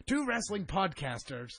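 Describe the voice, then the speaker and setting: A man co-hosting a podcast in loose, casual banter. His voice is husky and a bit breathy. He swears freely and laughs at his own jokes. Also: high-pitched, a bit bright. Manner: sweary, jokey, laughs often. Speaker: wrestling podcast co-host.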